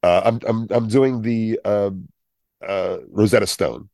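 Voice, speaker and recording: Deep-voiced chatty man in his fifties. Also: steady tone, measured pace, creaky, a little mellow, no echo, studio quality. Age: 50s. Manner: chatty, jokey, tangents. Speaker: podcast co-host. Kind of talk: casual chat.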